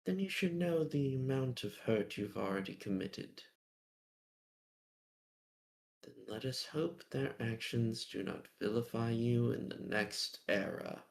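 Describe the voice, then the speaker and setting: A man voicing a sly, mysterious male keeper who speaks in a slow, breathy, riddling way. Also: mid-range voice, expressive. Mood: teasing.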